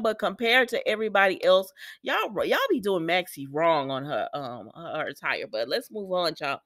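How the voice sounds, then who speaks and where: A woman's voice: fairly low pitch, expressive, moderate pace, few pauses, a bit bright, no echo, studio quality. Chatty woman recapping to viewers. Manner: chatty, addresses viewers directly. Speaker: soap opera recap vlogger. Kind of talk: casual chat.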